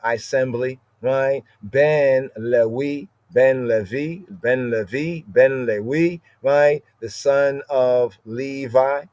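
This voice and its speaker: A man's voice: medium pitch, slow pace, few pauses, a little mellow, no echo, dull audio. A man teaching an informal scripture lesson, repeating words and checking in with "right?" over and over. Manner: repetitive, asks "right?" constantly, spells out words. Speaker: Bible study teacher.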